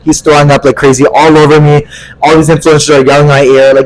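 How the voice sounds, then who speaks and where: Young male podcast co-host, quick and animated, swears freely, acts out quoted voices in casual storytelling. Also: fairly high pitch, rough recording.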